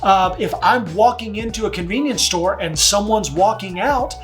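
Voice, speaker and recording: A man's voice: high-pitched, normal speed, faint music behind. Chatty man talking straight to camera. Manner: chatty and conversational, with filler words and asides. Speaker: real estate agent. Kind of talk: casual talking-to-camera vlog.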